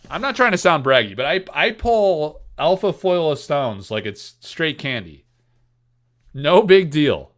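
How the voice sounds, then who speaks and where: A man hosting a live card-opening stream, chatting casually to his viewers, excitable and self-mocking. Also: fairly high pitch. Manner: excitable, self-mocking, talks straight to chat.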